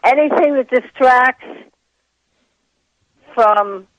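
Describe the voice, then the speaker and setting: A female voice coach, a guest calling in to a radio show by phone, speaking in a measured, precise way. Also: high-pitched, no room sound, rough recording. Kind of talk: phone-in interview. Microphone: telephone.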